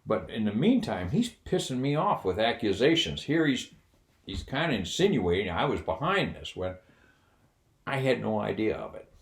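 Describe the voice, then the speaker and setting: An older man with a very low, deep voice spins a wry, candid yarn from his service days, loose and conversational, with plenty of "uh"s. The sound carries a noticeable roomy echo. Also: big pitch swings, normal speed. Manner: wry, candid, with frequent fillers and chuckles. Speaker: retired Air Force officer telling a story. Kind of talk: casual anecdote storytelling.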